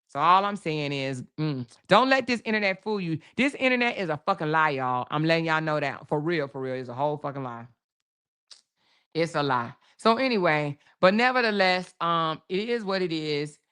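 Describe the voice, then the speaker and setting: A woman's voice: on the low side, animated, moderate pace, a bit bright, smooth. A woman hosting a livestream, ranting to her viewers in casual, heavily profane commentary. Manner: heated and profane, addressing viewers directly. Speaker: livestream host.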